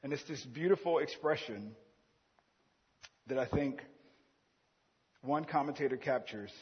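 A man in his thirties preaching a sermon, earnest, swinging between loud emphasis and quiet, intimate asides. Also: medium pitch, unhurried, slightly rough, in a large hall, dull audio. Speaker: pastor.

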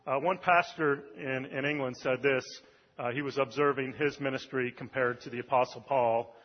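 A man's voice: medium pitch, fairly even intonation, normal speed. A male pastor giving a sermon in a conversational way, with "um" and "uh" between thoughts. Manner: conversational preaching with fillers. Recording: dull, lo-fi recording with long hall reverb.

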